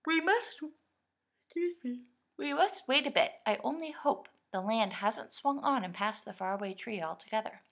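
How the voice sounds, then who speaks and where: Storybook rabbit, male, eager and hurried, high and bright, put on by a woman. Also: animated. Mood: worried. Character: excitable helpful male rabbit.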